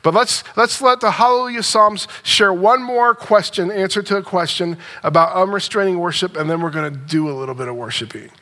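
A man's voice: high-pitched, brisk, hardly any pauses, bright, forceful tone. A man preaching a sermon as pastor, earnest and repeating phrases for emphasis as he leads the congregation.

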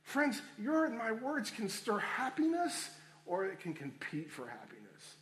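A man's voice: sits high, huge pitch swings, measured pace, fairly bright tone. A man preaching a sermon, addressing listeners as friends and repeating key phrases for emphasis. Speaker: pastor.

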